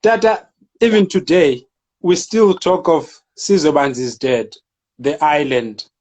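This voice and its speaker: Guy hosting, bit high pitched, mostly mm and yes. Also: measured pace, darkish tone. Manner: brief affirming interjections. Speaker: interview host. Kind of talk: casual chat.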